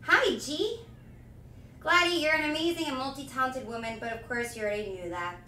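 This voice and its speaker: A young woman streaming live, chatting with viewers and thanking them in a bubbly, gushing way with excited shouts. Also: high voice, a little fast, far from the mic, slight background noise. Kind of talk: live stream chat, reading donations. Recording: echoey room, voice a little off-mic.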